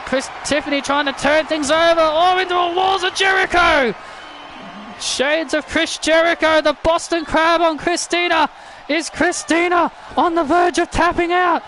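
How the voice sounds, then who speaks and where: Excitable male wrestling commentator, very high voice, shouty play-by-play with stumbles. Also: moderate pace, a faint crowd, a little hiss or hum. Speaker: wrestling commentator and channel host. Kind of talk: excited play-by-play commentary of a video game match.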